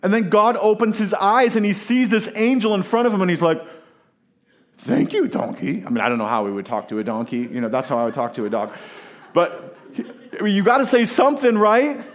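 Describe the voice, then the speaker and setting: A man preaching a sermon, retelling a scripture story in a casual, animated way with asides to his listeners. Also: sits high, fast. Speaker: pastor.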